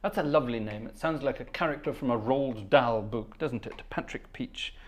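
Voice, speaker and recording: Seated at the organ console, a man hosts a livestream organ concert, greeting viewers one at a time in casual chat. His mid-range voice moves briskly, and he hums between names.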